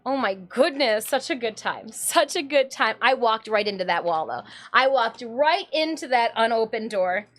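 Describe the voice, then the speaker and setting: A woman from Michigan chatting casually on a live stream, an excitable storyteller who keeps breaking into laughter. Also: a little high, normal speed, hardly any pauses. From Michigan, USA. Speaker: streamer and cosplayer.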